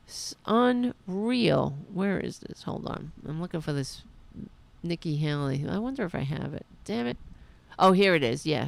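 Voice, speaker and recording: A woman's voice: lowish voice, creaky, no echo. A woman hosting a political podcast, ranting in an indignant, sarcastic and profane way and mocking the people she quotes. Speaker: podcast host. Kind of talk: political commentary rant.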